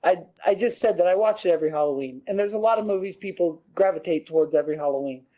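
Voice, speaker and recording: Man, fairly high voice, upbeat podcast host who keeps the chat moving with questions. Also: quick pace, mellow, muffled recording. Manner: upbeat, leads the talk with questions. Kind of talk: casual chat.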